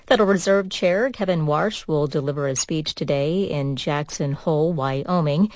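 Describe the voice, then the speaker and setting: A woman newscaster reading a news bulletin in an even, measured way, recorded on a studio microphone. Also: low-pitched, dry recording. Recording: dry studio sound.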